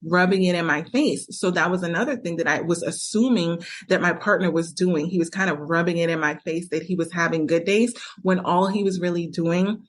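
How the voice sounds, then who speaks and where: A woman's voice: on the low side, fairly even intonation, fairly quick, hardly any pauses. A woman hosting a podcast, speaking candidly from her own experience and acting out quoted arguments as she coaches listeners. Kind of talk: personal monologue with advice.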